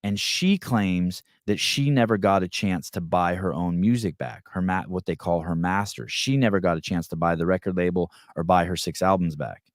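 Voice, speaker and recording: Low-voiced and talking at a moderate clip with few pauses, a male podcast host loosely retells a story. He keeps restarting and voices the quotes himself. There's no room sound, just studio-quality audio.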